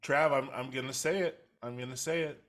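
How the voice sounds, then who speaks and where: A man's voice: medium pitch, a little fast, a bit bright. A man co-hosting a casual podcast chat, laid-back, chiming in with short agreements and telling a story. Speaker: podcast co-host.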